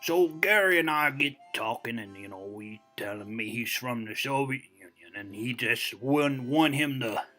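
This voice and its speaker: A man's voice: medium pitch, animated, moderate pace, few pauses, sharp tone, faint music behind. A man playing a very old, boastful American storyteller who rambles and digresses in a folksy way, full of "you know" fillers. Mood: rambling. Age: over 60. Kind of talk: comedic character monologue.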